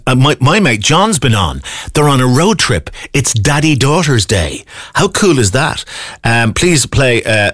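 A man's voice: mid-range voice, fairly bright tone, no echo, clean studio sound. A man hosting breakfast radio, chatting upbeat and reading out listener messages. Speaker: radio host. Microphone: studio microphone.

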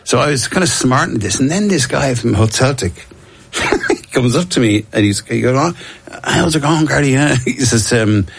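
A man's voice: mid-range voice, moderate pace, creaky, slightly rough. A middle-aged Dublin man telling stories as an interview guest, rambling and self-deprecating, often restarting his sentences. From Ireland. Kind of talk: casual storytelling interview.

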